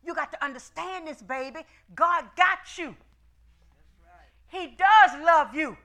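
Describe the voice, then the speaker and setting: Woman pastor preaching hard, high bright voice, black speech, shouts a lot. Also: slow pace. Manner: shouting, call-and-response preaching. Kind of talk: sermon.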